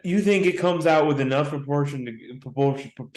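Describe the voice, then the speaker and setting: A man's voice: fairly high pitch, fairly quick, darkish tone. Male podcast co-host, joking, argues back, casual banter over a call. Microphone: remote call mic.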